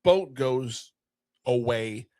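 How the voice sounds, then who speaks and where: A man co-hosting a casual film review podcast, retelling scenes in an animated way with lots of swearing. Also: medium pitch, drawn-out words, no echo. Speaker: podcast co-host.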